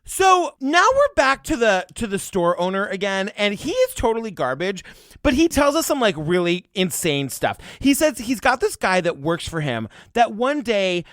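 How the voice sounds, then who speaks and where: A man co-hosts a podcast and recaps a story with a swooping, lively voice. He is expressive and profane, and the sound is dry and close. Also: high voice, normal speed, dry recording. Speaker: podcast co-host. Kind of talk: casual chat.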